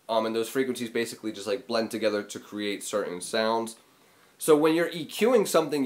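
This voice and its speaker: A man hosting a casual music tutorial, talking loosely with lots of fillers and acting out sounds with his voice, recorded in a small room. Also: medium pitch. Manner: rambling, filler-heavy, demonstrates sounds with his voice. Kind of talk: casual explainer video.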